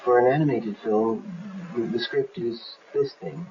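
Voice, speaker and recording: A man's voice: mid-range voice, measured pace. A man animatedly explaining his film in an interview, acting out scenes as he goes. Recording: muffled, slightly hissy archive tape.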